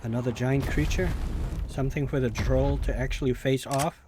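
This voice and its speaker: A man's voice: mid-range voice, fairly even intonation, moderate pace, background noise. A man hosting a reaction video, talking casually in a rambling, hesitant way with many fillers and restarts.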